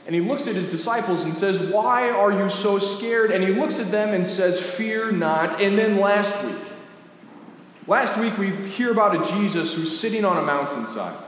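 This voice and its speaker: A man pastor preaching a sermon in a lively, conversational way, asking the congregation rhetorical questions. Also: high-pitched, moderate pace, a little hiss or hum. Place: church sanctuary. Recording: echoey church hall with faint ambience.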